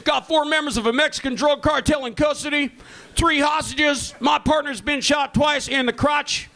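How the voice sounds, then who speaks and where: A man voicing a loud, over-the-top American reality TV cop who shouts his lines. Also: very high-pitched, steady tone, moderate pace, pitched above the performer's own voice, heavily acted. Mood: brash, excited.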